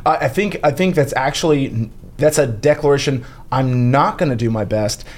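A man's voice: mid-range voice, normal speed. A man co-hosting a podcast in casual chat, rambling with fillers and restarts and acting out quoted lines. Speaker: podcast co-host.

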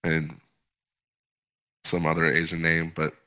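A low-pitched man with a bright, forceful edge to his voice trades banter on a casual podcast. He needles his co-host with cheeky, provocative questions. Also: monotone, takes it slowly. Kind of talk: casual crypto news chat.

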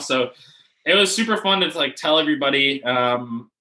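A young man casually telling a story, animated and full of filler words, often acting out what people said. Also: mid-range voice, fairly quick, low-quality recording. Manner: animated, swearing, many "like" fillers, acts out quotes. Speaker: rugby player, guest.

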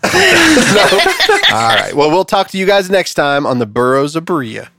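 A man's voice: fairly high pitch, huge pitch swings, a little slow, very noisy. A man hosting a podcast, chatting casually and telling jokes in an upbeat storytelling manner. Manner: upbeat, storytelling with acted quotes. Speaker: podcast host. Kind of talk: casual chat and joke telling.

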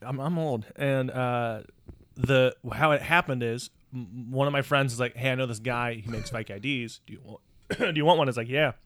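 A man's voice: medium pitch, moderate pace, fairly bright tone, no echo. A man in his thirties spins a meandering anecdote, cutting himself off and tossing in jokey asides. His voice sits in a middle register and sounds close and dry, with no room around it. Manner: rambling, self-interrupting, jokey asides. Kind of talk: casual storytelling chat.

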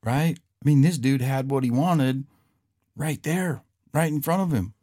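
A man's voice: mid-range voice, measured pace, warm tone, no room sound, studio quality. A man hosting a podcast, telling a parable in a casual, folksy way and acting out both people's lines. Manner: folksy, repeats "he goes", acts out both sides of a parable. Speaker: podcast host. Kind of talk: casual storytelling.

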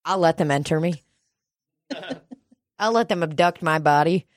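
A woman co-hosting a podcast in casual chat, swearing a lot, excitable and quick to laugh. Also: fairly low pitch, no echo, studio quality. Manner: profane, excitable, laughs often. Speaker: podcast co-host.

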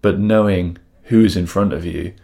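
A man's voice: deep voice, steady tone, a little slow, vocal fry, dark tone. A man co-hosting a podcast, chatting casually and playfully about auditions and laughing easily. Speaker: podcast co-host. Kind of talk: casual chat.

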